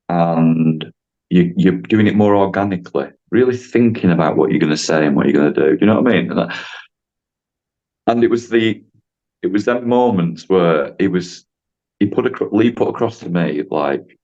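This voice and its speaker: Brief: man, low voice, chatty podcast guest, slightly muffled audio. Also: darkish tone. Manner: chatty, rambling, acts out dialogue with voices. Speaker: driving instructor guest. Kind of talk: casual podcast storytelling.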